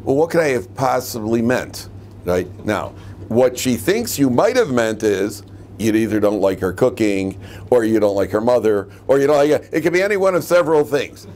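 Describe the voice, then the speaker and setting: A middle-aged rabbi teaches a room of students in a relaxed, joking way, often stopping to put questions to the class. His voice sits at an ordinary pitch for a man. A faint hiss of noise runs under the recording. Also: normal speed. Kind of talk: humorous classroom lecture.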